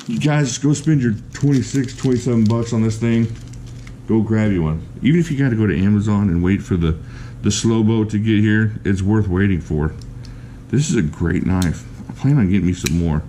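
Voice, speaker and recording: A man giving a casual, chatty knife review, enthusiastic and quick to laugh. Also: fairly low pitch, warm tone, slight background noise.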